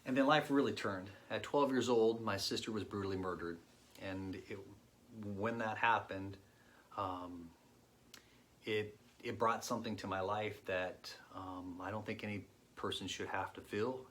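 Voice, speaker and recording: A man in his late forties telling his personal faith testimony in an earnest, reflective way, pausing often. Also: on the low side, fairly even intonation, fairly bright tone. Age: 40s. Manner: earnest and reflective, with pauses and fillers. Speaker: guest sharing his testimony.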